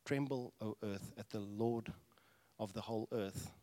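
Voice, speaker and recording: Preacher in a reverberant hall. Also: male voice, lowish voice, measured pace. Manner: animated storytelling, acting out voices with sudden loud outbursts. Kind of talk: sermon. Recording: long reverb of a large hall.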